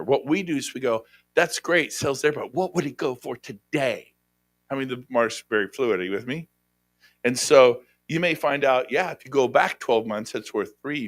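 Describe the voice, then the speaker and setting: Energetic male seminar speaker, sharp bright tone, dry close sound, loud crowd-rousing delivery. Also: no echo. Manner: high-energy, shouts out to the crowd, animated. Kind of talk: motivational sales seminar talk. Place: hotel conference room.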